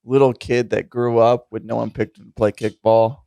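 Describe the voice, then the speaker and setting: A man co-hosting a cigar podcast, wry and self-deprecating in casual chat, quick to laugh. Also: mid-range voice, flat delivery, gravelly, warm tone, no room sound, highs cut off. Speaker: podcast co-host.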